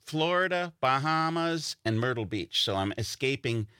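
A man's voice: mid-range voice, lively intonation, normal speed, pushed and bright, clean tone, dry recording, clean studio sound. A man with a Wisconsin accent, a comedian talking casually as a guest and joking about regional speech. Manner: jokey, slips into exaggerated regional accents. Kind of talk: casual chat.

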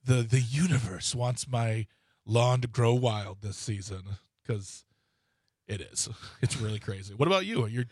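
A man's voice: mid-range voice, a little slow, darkish tone, slightly rough, no room sound. Easygoing man, dry close sound. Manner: easygoing, rambling, plugs events. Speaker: co-host, comedy club worker. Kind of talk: casual chat.

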